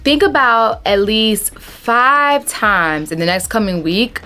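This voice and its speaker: Woman in her 30s, slightly high voice, emphatic casual vlogger tone, relationship advice to camera. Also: slow. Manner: animated, emphatic, calls viewers honey.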